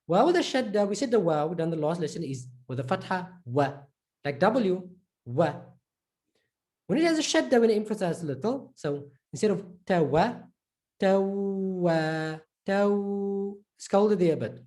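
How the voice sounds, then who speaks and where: A man teaching a recorded lesson, patiently repeating example words slowly and drawn out, with casual "right?" and "okay" check-ins. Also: high voice, big pitch swings, a little mellow. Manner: informal, fillers like "right?" and "okay".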